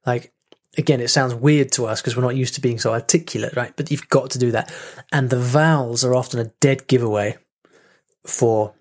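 Speaking at a moderate pace in a medium-pitched voice, a man acts as a language coach in a lively, casual teaching talk. He says sounds aloud to demonstrate them and often restarts his phrases, repeating words frequently.

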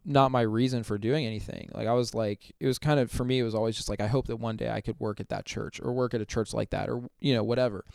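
Man, young adult, chatty and animated, lots of "like", mid pitch, crisp voice. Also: no room sound, clean studio sound. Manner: animated retelling, acting out quotes, many "like" fillers. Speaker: youth minister and podcast guest. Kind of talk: casual storytelling interview.

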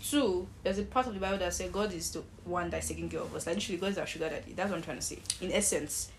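A woman speaking in a lively, emphatic way in a casual faith podcast chat. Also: fairly low pitch, rapid-fire, a little hiss or hum. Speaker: podcast co-host.

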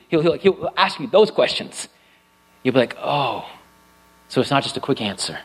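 A man preaching a sermon to a congregation, with expressive delivery that swings between loud emphasis and hushed, quiet lines. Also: mid-range voice, moderate pace, pauses often, breathy edge, low-quality recording. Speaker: pastor. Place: church sanctuary with live and online congregation.

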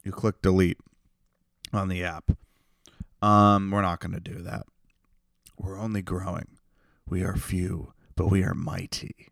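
A young man hosting a solo comedy podcast, ranting in an unhinged way that swings from creepy whispers to loud outbursts. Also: low voice, little pitch movement, a little slow, creaky, long pauses, dry recording, studio quality. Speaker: podcast host.

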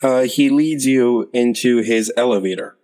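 A man narrating as game master of a tabletop game, hesitant and unhurried with many fillers. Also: medium pitch, mellow. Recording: long hall reverb.

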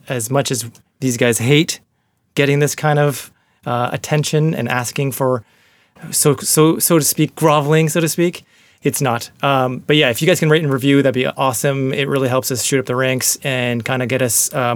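Casual guest, male, relaxed drawl full of fillers, dry close sound. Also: medium pitch, dry recording. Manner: laid-back, loose with many "like" fillers. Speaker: podcast guest and music producer. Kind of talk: casual podcast chat. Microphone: remote call line.

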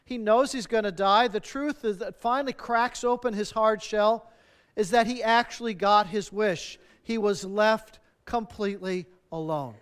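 A male pastor delivering a sermon in a high, smooth and clear voice. He speaks earnestly and stacks up rhetorical questions, letting his phrase endings fall soft. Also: unhurried.

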